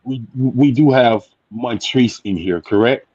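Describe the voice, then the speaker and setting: A man hosting a casual interview show, repeating short affirmations in a relaxed way. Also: mid-range voice, measured pace, slightly rough, dry recording. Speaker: talk show host. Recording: dull lo-fi, dry sound.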